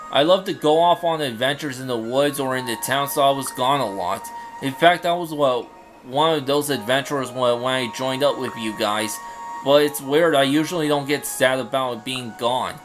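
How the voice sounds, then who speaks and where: A man's voice: medium pitch, lightly acted. A man voicing a cheerful, childlike male fox spirit in a fan dub of game dialogue. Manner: bouncy, easily distracted, childlike.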